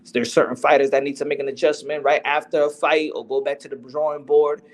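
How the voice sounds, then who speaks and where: A man talking in a slightly high voice as a podcast host. His talk is loose, slangy and casual. He sounds like someone chatting among friends about fights. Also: flat delivery, fast talker. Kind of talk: casual chat.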